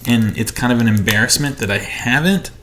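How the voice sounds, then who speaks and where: A man in a small home studio talks through a movie haul in a loose, rambling way, chatting at viewers as he unboxes his purchases. His voice sits at a middle pitch. A soft hiss of noise stays underneath. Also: a little fast. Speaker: movie collector vlogger. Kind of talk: casual haul vlog.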